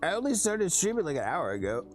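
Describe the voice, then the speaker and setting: Brief: Southern US man, streamer, rambling chat with a lively pitch, faint music underneath. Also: fast talker. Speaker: live streamer. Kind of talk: casual chat with stream viewers.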